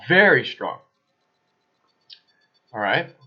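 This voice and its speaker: Man, home vlog rant, emphatic, accusatory, mid-pitched voice, muffled lo-fi sound. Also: very animated, extremely slow, husky. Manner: emphatic, accusatory, with suspicious asides. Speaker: video blogger. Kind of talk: casual ranting monologue to camera. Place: his apartment.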